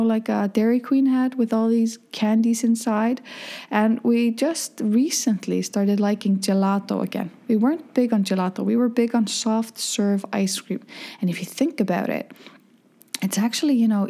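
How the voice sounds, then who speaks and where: Chatty Icelandic woman, mellow voice. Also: a little high. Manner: chatty, rambling, frank and jokey. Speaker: vlogger. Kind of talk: casual chat.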